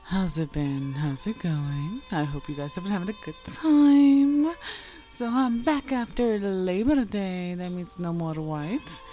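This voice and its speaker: A young woman hosting a casual chat about anime, talking in a chatty, animated way, swearing freely and dropping in Spanish phrases. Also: on the low side, slow pace, faint music behind. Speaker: podcast host.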